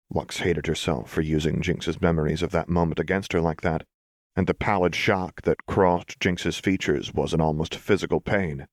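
A man with a very deep voice reads a story aloud in calm, measured narration. The recording is dry and close, with no room sound at all. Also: dry recording. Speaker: audiobook reader. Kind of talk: scripted narration.

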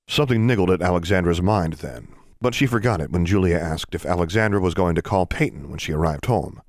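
An audiobook narrator with a very low voice reads a fantasy novel in scripted narration, steady and measured. The recording is dry, with no room sound.

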